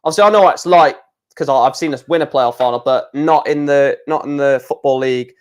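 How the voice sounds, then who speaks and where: A man hosting a live football watch-along, calling the play with fillers and erupting into shouts at big chances and goals. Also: mid-range voice, a little fast. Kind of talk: live football match commentary and reaction.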